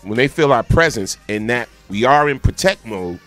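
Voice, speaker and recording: A man's voice: medium pitch, lively intonation, moderate pace, fairly bright tone, faint music behind. A man co-hosting a talk radio show, telling stories in a laid-back, conversational way. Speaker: co-host and DJ. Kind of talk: casual talk radio storytelling.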